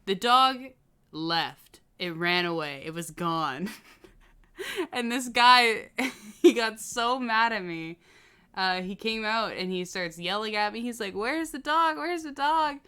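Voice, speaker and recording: A woman's voice: medium pitch, slow, bright, forceful tone, clean tone. A woman telling a story on a casual podcast, laughing often as she goes. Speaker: podcast co-host.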